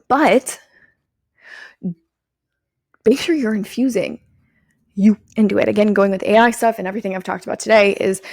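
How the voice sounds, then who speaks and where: A woman hosting her own podcast, giving an energetic, swearing pep talk to her listeners. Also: medium pitch, vocal fry, dry recording, studio quality. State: out of breath. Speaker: podcast host and business coach. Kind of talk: solo podcast monologue.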